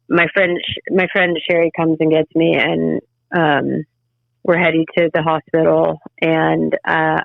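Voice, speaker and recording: A woman guest telling her story in an interview, halting and emotional with frequent restarts. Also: deep voice, creaky, dry recording. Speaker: podcast guest. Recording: tinny phone-line sound.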